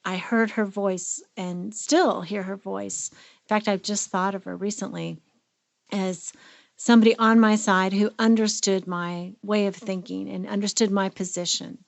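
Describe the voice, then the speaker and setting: A middle-aged woman co-hosting a podcast in a casual, reflective way. Her voice has a gravelly, creaky edge. The sound is dry and close, with no room around it. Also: medium pitch, steady tone, a little slow, dry recording. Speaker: podcast co-host, therapist.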